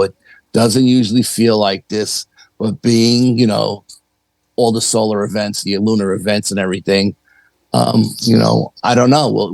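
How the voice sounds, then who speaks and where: Gravelly low-voiced man telling a story. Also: darkish tone, no echo, poor audio. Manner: chatty anecdotal telling, acts out quoted dialogue, frequent "you know". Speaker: paranormal investigator, podcast guest. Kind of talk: casual storytelling.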